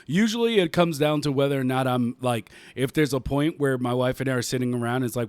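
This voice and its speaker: A man's voice: medium pitch, brisk, few pauses, no echo. A man co-hosting a casual podcast chat, talking emphatically, restarting his phrases, and laughing often. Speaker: podcast co-host.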